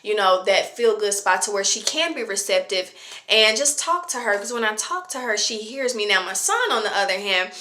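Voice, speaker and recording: A woman's voice: medium pitch, expressive, normal speed, pushed and bright. A woman in her late twenties talking casually to camera about parenting, chatty and reflective, with lots of fillers. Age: 20s. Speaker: vlogger.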